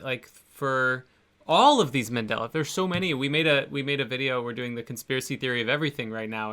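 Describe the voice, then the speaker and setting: A man's voice: mid-range voice, sharp tone. A man hosting an interview, enthusiastic and casual, searching for words with many likes and restarts. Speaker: show host.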